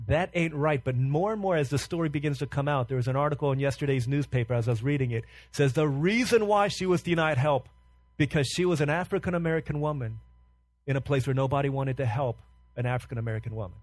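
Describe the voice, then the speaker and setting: A man preaching a sermon as pastor, impassioned and full of rhetorical questions, sometimes dropping low and quiet. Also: fast, no room sound.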